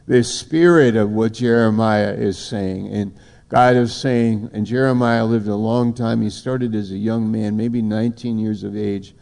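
Gravelly slow-talking man preaching. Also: fairly low pitch, steady tone, a little mellow. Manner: rambling, conversational, acts out little dialogues. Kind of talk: informal sermon.

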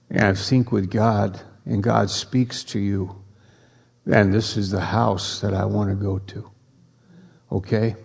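A man preaching a sermon, slow and emphatic, repeating key words for effect. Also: lowish voice, gravelly, darkish tone.

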